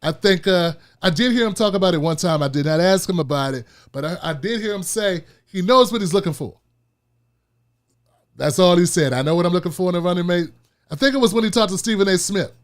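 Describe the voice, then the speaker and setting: Male commentary host, high voice, animated, casual, repeats his points. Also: fairly quick. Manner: animated, repetitive, street-casual. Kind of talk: political commentary show.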